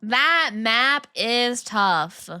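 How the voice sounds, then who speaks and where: A woman's voice: fairly high pitch, lively intonation, drawn-out words, sharp tone, clean tone. A woman streaming and chatting casually with her viewers, giggling often and teasing as she reads and answers the chat. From Long Island, New York.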